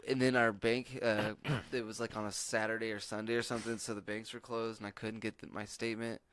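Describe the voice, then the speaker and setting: A man's voice: lowish voice, flat delivery, fairly quick, a bit bright, slight background noise. A young man, rambling through a story on a podcast, swearing and laughing as he goes. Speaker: podcast co-host. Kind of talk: casual storytelling chat.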